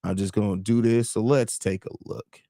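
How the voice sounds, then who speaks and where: A man's voice: fairly low pitch, fairly even intonation, moderate pace, gravelly, dark tone, no room sound, studio quality. A man hosting a live sports stream, reading chat comments and arguing his points in casual commentary. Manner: reads and answers chat comments, argues points with restarts. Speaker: host of a live sports show.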